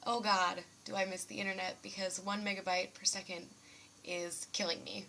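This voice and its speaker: A woman's voice: medium pitch, flat delivery, a little slow, pushed and bright, a little hiss or hum. A young woman in her twenties, rambling casually in a vlog from her dorm room, self-deprecating and sarcastic, laughing often. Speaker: student vlogger.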